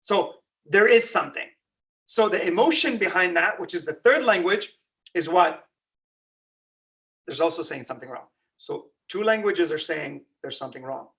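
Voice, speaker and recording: A man delivers a lively, conversational religious talk, often throwing rhetorical questions at the room. His voice sits on the higher side for a man. He sounds a little off-mic, as if standing back from it. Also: normal speed, gravelly, far from the mic. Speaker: religious lecturer. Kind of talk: Ramadan lecture.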